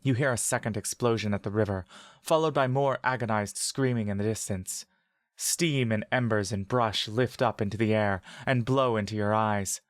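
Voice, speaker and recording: A man reading a scripted second-person fantasy story in a steady, vivid storytelling manner. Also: fairly low pitch, moderate pace, dry recording, clean studio sound. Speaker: narrator.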